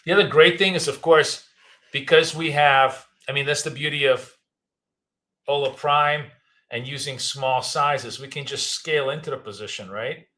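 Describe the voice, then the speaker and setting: A trading educator in his fifties or older, a native Russian speaker with a Russian accent, gives live trading commentary that is casual and rambling, as if thinking aloud. His medium-pitched voice moves at a moderate pace and sounds pushed and bright.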